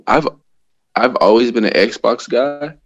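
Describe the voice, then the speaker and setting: A man's voice: mid-range voice, slow pace, no room sound, muffled recording. A man guesting on a podcast as a pro wrestler, talking in a laid-back, easygoing way with frequent laughs. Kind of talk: casual chat.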